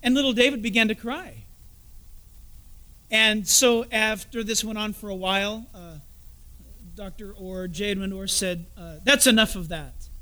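A man preaching a sermon as pastor, telling a story and dropping into soft, confiding asides. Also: sits high, unhurried, pauses often.

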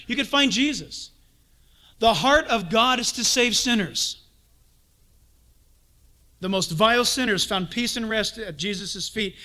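A man preaching a sermon as pastor, animated, swinging from sudden shouts to hushed asides. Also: very high-pitched.

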